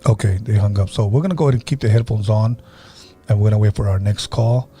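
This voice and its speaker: A man's voice: fairly low pitch, fast, faint music behind. A man hosting a paranormal podcast, telling stories casually and opening the phone lines to listeners. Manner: relaxed storyteller, acts out quoted voices; takes calls from listeners. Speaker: podcast host.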